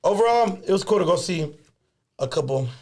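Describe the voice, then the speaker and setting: A man with a slightly high, gravelly voice tells a story in loose, casual podcast chat. He swears freely and drops Spanish words into his sentences. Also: brisk. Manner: profane, animated storyteller mixing in Spanish words. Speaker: podcast co-host.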